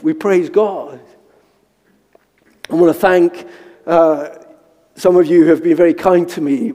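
A male pastor preaching a sermon, telling personal stories and acting out what people said, with his own part in a high squeaky voice. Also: warm tone. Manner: storytelling, acting out quotes with high squeaky voice for himself. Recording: long hall reverb.

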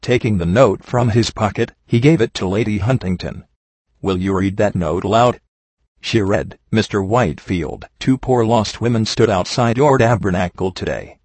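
A man with a somewhat low voice reads a sermon aloud, his tone husky. He keeps a steady, earnest preaching cadence. The sound is dry and close. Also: moderate pace, dry recording. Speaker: reader of a sermon.

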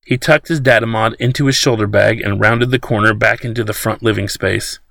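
Creaky-voiced male audiobook narrator. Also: on the low side, fairly even intonation, a little fast, sharp tone, no echo.

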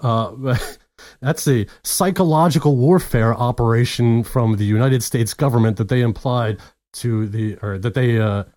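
A man chats on a podcast in a loose, rambling way, cursing freely and laughing at his own tale. His voice sits at an ordinary middle pitch. The sound is dry, with no room around it. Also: unhurried, darkish tone, no room sound. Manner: profane, rambling, laughing storyteller. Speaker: podcast co-host. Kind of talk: casual podcast chat. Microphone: own mic, recorded separately.

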